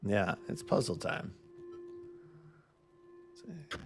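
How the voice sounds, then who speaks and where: A man casually thinking aloud as he plays through a video game on stream, laid-back and unhurried. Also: on the low side, sing-song, soft background music. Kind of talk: casual let's-play commentary.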